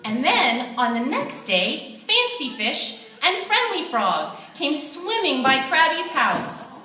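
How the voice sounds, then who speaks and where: Bright, animated female storyteller for a kids' play; echoey room, mic set back. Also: high voice, slow. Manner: lively, expressive storytelling. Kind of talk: children's play narration. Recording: echoey room, distant mic, faint noise.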